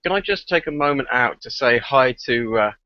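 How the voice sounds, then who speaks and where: A man's voice: mid-range voice, lively intonation, moderate pace, no room sound, muffled recording. A man hosting a casual podcast in a friendly, easygoing way, with light hesitations. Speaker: podcast host. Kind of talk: casual chat.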